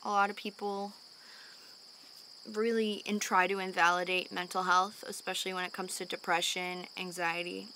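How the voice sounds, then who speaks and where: Young adult woman, bright tone, earnest confessional vlog delivery, sighing, steadying herself after panic. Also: fairly low pitch, little pitch movement, moderate pace, slight background noise. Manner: earnest and open, with frequent sighs and fillers. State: calming down after a panic attack. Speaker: vlogger. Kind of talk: candid personal talk to camera. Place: at home in the evening.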